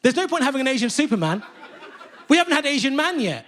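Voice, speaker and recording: A British man doing stand-up on a theatre stage, animated, profane and mock-indignant. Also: extremely high pitch, fast, a little hiss or hum. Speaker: stand-up comedian. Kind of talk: stand-up comedy. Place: theatre stage with live audience.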